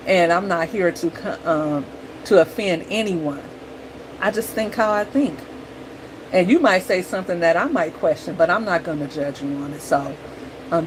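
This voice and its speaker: A woman's voice: fairly low pitch, noisy background. A middle-aged woman talking casually to her viewers as a mom vlogger, chatty and blunt, acting out her kids and herself.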